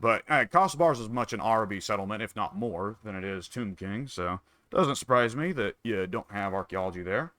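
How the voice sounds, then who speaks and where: A man's voice: lowish voice, animated, a little fast, fairly bright tone, no echo. A man casually commenting on his own strategy game, musing and wry, talking half to himself. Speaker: gameplay commentator.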